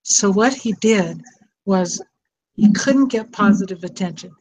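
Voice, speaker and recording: Slow, earnest older woman. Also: medium pitch, a little mellow, a little hiss or hum, poor audio. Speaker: speaker on estranged parents. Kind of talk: personal storytelling talk. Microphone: online call microphone with echo.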